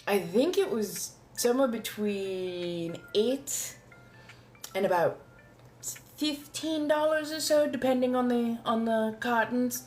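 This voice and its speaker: Streaming from home, this Southern California tarot reader chats casually with her audience, addressing them as darlings in a drawn-out, dramatic style. Her pitch is on the high side and her tone darkish, with soft music playing in the background.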